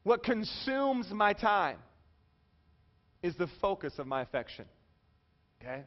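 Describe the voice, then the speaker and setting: A man's voice: high voice, big pitch swings, unhurried, muffled recording. A man preaching a sermon in a conversational, jokey way, often checking in with the audience. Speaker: pastor.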